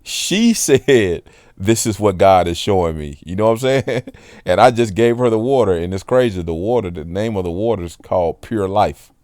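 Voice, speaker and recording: A man's voice: fairly low pitch, moderate pace, darkish tone, no room sound, studio quality. A man sharing a casual Christian testimony in an earnest, rambling way, often checking that the listener is following. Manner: earnest, rambling, keeps asking "you know what I'm saying". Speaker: water delivery driver.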